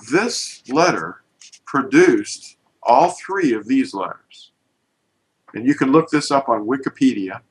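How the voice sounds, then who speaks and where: A man's voice: medium pitch, poor audio. Man explaining letters at a board. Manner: emphatic, with frequent restarts. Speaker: teacher. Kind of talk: informal spoken lesson.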